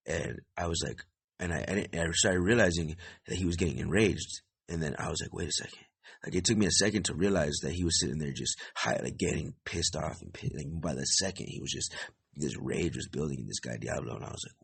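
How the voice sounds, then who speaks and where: A young man hosting a podcast, telling a story in a rambling, profane way with lots of fillers and a gravelly, husky voice. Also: a bass voice. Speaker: podcast host. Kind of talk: casual storytelling monologue.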